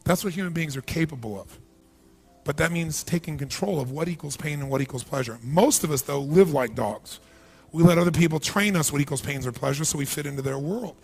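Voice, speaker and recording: Animated high-voiced seminar speaker. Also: male voice, fast talker, husky. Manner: animated, questions the crowd directly. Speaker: motivational speaker. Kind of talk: live seminar speech. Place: large event hall.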